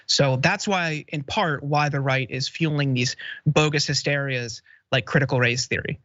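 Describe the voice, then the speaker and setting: A male guest commentator who argues in long, measured, explanatory sentences. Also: a little high, fairly bright tone, muffled recording. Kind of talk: political commentary.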